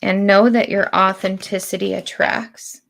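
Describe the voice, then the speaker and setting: A woman giving spiritual readings to viewers of her live stream. She talks at an unhurried pace, drawing out her phrases, and her mid-height voice carries a gravelly fry. The delivery is calm and deliberate. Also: medium pitch, a little hiss or hum. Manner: slow, deliberate, drawn-out phrasing. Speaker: spiritual reader.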